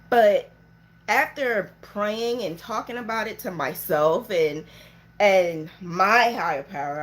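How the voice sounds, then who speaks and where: A woman with children, talking earnestly and emotionally in a motivational vlog about running her small business. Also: medium pitch. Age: adult with children. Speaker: small business owner giving mentoring talk. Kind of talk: heartfelt motivational vlog talk.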